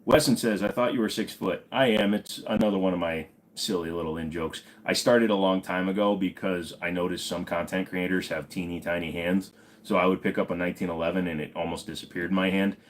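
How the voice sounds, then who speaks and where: A man's voice: low voice, steady tone, a little fast, a little hiss or hum. A man hosting an unscripted live stream, chatting and joking casually, greeting viewers by name and rambling on. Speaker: livestream host of a gun channel.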